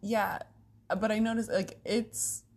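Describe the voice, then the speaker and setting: Woman co-host, breathy, giggly, laughs through her own stories. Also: medium pitch, fairly even intonation, slow pace, a little mellow. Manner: giggly, laughs often while talking. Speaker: podcast co-host. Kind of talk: casual chat.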